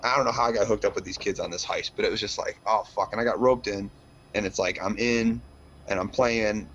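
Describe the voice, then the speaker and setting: A man in his thirties co-hosting a casual podcast, swearing a lot and acting out quotes in a higher voice as he tells stories. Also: steady tone, a little fast, a bit bright. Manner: profane, storytelling, acts out quotes in a higher voice. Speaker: podcast co-host. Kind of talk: casual chat. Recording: dull lo-fi sound with faint noise.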